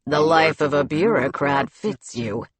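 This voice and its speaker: A woman's voice: sits low, expressive, a little slow, breathy edge, dry recording, pitched below the performer's own voice, full character voice. A woman reading an audiobook, voicing a cold, menacing male military commander with a cutting, taunting tone. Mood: mocking.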